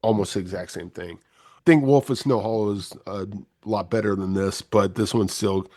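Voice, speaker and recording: A male film reviewer with a low, flat, laid-back delivery, giving his take on a casual podcast. The recording is dry and close. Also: moderate pace, no echo.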